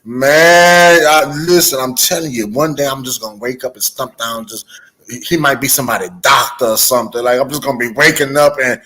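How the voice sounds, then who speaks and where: A man in a casual chat, telling stories in an animated, profane way. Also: mid-range voice, a little fast. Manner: animated, profane storytelling with frequent laughter.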